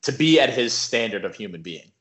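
A man's voice: lowish voice, sing-song, brisk, fairly bright tone. Young man joking on a podcast. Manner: laid-back, joking banter. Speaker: podcast co-host. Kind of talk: casual chat.

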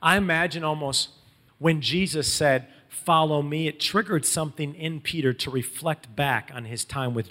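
A man preaching a sermon, telling the story in a lively, casual way and acting out quotes in everyday slang. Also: mid-range voice, big-room sound. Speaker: pastor.

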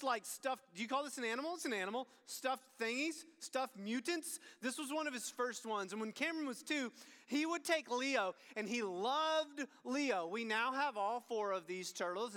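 A man, preaching a sermon as an animated storyteller who swings between loud and hushed. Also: extremely high pitch. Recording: long hall reverb.

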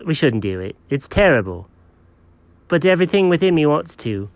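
A man's voice: on the high side, very animated, moderate pace, no echo. A man voicing a dopey, mischievous pet dog who talks in a dim, sheepish drawl.

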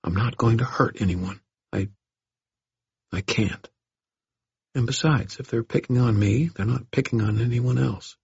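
A man voicing a frightened young boy who stammers and talks quietly. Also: medium pitch, moderate pace, gravelly, few pauses, slightly rough, no room sound, dull audio, pitched above the performer's own voice. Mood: fearful.

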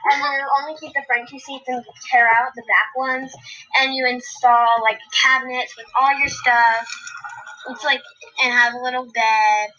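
Teen girl rambling to her friend, high bright voice, kinda muffled recording. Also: steady tone, measured pace. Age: teens. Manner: chatty, talks in run-on stories. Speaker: podcast co-host. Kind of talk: casual chat.

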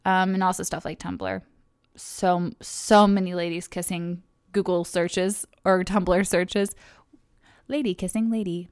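A woman's voice: lowish voice, fairly even intonation, a little slow, a little mellow, clean tone, no room sound, studio quality. A young woman from Kentucky hosting her own podcast, talking in a chatty, rambling way with lots of fillers and self-corrections. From Kentucky, USA. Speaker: podcast host. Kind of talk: casual solo podcast monologue.

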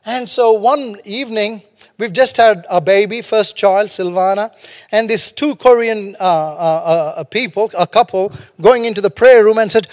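A man's voice: high-pitched, moderate pace, long reverb tail. A man preaching a sermon as pastor, talking conversationally and joking between stories. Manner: humorous, conversational preaching with storytelling asides.

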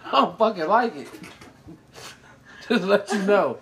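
A man's voice: sits high, animated, a little slow, slight background noise. Profane, laughing man ranting in casual chat. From United States. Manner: loud, profane, laughing rants. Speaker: podcast co-host.

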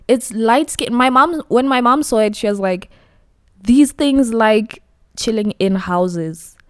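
A young woman hosting her own podcast from her new studio, chatting casually, laughing at herself and over-explaining. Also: mid-range voice. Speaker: podcast host. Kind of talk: casual solo podcast chat.

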